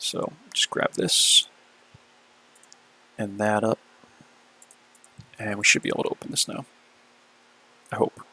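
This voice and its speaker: A man's voice: on the low side, monotone, slow pace, long pauses, pushed and bright, breathy edge. A man casually talking through replays of his own games as the video's host, laid-back and chatty, often checking in with "right?".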